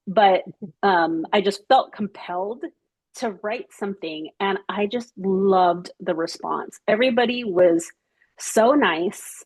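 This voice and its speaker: A woman telling a casual anecdote to her study group, animated and chatty, laughing often and acting out what people said. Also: medium pitch, slow, husky, no echo. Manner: animated, chatty storytelling with frequent laughs and acted-out quotes.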